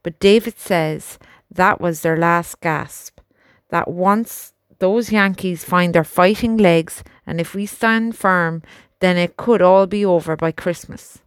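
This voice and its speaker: A woman voicing a gentle young male soldier who talks softly and reassuringly to his horse, in an audiobook. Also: fairly low pitch, takes it slowly, clear, resonant tone, dry recording. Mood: fond. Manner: soft, chatty, reassuring talk to a horse.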